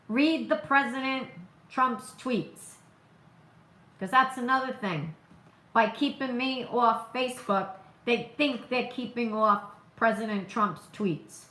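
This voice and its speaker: A woman's voice: a little high, sharp tone, roomy sound. A woman with a noticeable accent, hosting an opinionated live stream, who repeats her points emphatically and asks rhetorical questions. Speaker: political livestream host.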